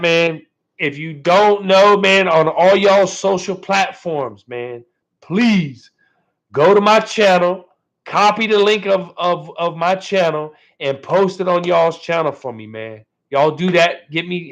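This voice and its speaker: A man's voice: fairly high pitch, a bit bright. A man hosting a casual live stream from home. He chats with viewers in a laid-back way, keeps thanking them and ends his phrases with "man". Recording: dull lo-fi stream audio.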